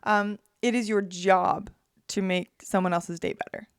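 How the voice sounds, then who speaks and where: A woman's voice: mid-range voice, steady tone, unhurried, smooth, dry recording, studio quality. A woman co-hosting a podcast, asking thoughtful questions and searching for words. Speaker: podcast co-host. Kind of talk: interview questions.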